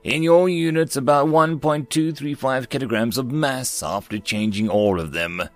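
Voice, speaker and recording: A man's voice: mid-range voice, moderate pace, faint music behind, pitched above the performer's own voice, lightly acted. A man voicing a pedantic alien technician who reports figures in a precise, matter-of-fact way.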